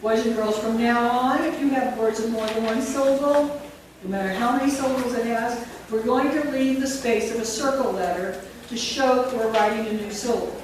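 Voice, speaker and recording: A woman's voice: a little high, moderate pace. A woman leading a phonics teacher training workshop, demonstrating classroom instruction step by step. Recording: echoey room from far off with noise.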